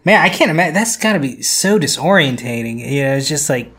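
A man's voice: a little high, animated, fairly quick, fairly bright tone, slightly rough, faint music behind. A man co-hosting a podcast, explaining things casually with repeated words and lots of "you know". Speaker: podcast co-host.

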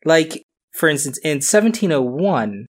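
A man's voice: fairly high pitch, sing-song, unhurried. A man hosting a casual podcast, telling a history story loosely, with frequent fillers and chuckles.

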